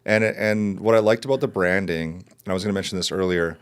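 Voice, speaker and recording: A man's voice: low voice, fast talker, smooth. A man hosting a podcast, asking questions in a chatty, casual way with side remarks. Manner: chatty, friendly questioning with asides. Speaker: podcast host. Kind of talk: casual conversational interview.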